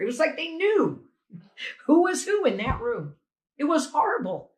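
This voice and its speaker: Older woman, poll challenger testimony, animated and emotional, roomy echo on the voice. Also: on the high side, normal speed. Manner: animated storytelling, acts out exchanges.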